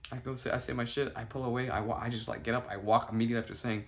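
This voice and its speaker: A young man telling a rambling, anxious story about himself, swearing and loudly acting out his own lines. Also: medium pitch, level tone, very fast, few pauses. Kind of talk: casual storytime monologue.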